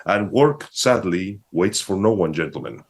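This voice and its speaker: A man's voice: low voice, big pitch swings, a little slow. A man co-hosting a casual livestream, speaking in formal, theatrical phrasing. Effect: voice-altering program. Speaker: co-host.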